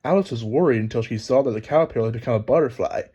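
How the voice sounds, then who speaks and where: A man narrating a children's storybook aloud in a lively, expressive reading. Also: mid-range voice, racing, dull audio, slight background noise. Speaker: storybook reader.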